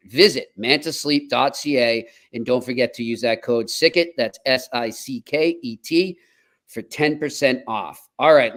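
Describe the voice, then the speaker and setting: A man's voice: mid-range voice, a bit bright. Chatty man reading sponsor spots. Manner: chatty, upbeat ad reads, quick asides. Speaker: podcast co-host. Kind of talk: casual hockey podcast chat with sponsor reads.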